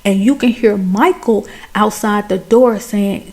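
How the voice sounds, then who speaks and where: Woman, film reviewer, casual recap, chatty and colloquial, a bit of vocal fry. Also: medium pitch, a little slow, a little mellow. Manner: chatty, colloquial, dramatic retelling.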